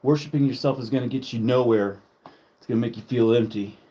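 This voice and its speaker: A man's voice: medium pitch, steady tone, brisk, warm tone. A man hosting a casual livestream, rambling loosely with lots of fillers and swearing. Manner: loose, profane, filler-heavy. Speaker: livestream host.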